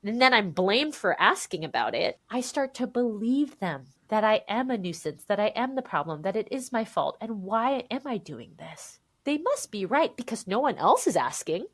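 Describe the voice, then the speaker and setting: A woman in her thirties, a podcast guest telling her own story in an animated, emphatic way, acting out what others said to her. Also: mid-range voice, normal speed, hardly any pauses. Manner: animated, emphatic, quotes people in voices. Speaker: podcast guest, memoir author. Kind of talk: candid conversational storytelling.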